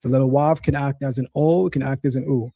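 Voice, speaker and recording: A man's voice: mid-range voice, steady tone, fast, creaky, dark tone, no echo. A man hosting a streamed debate, insistent and corrective as he presses a guest on pronunciation. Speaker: host. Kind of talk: livestream debate on Hebrew pronunciation. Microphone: screen-sharing stream setup.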